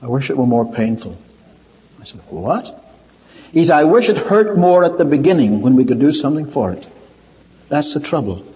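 An older man preaching a sermon, telling stories and swinging between quiet low asides and raised, emphatic points. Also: very animated, moderate pace, long pauses. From Ireland. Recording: reverberant hall.

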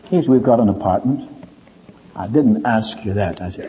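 An older man preaching a sermon, telling stories and swinging between quiet low asides and raised, emphatic points. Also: big pitch swings, a little fast, slight background noise. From Ireland. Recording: reverberant hall.

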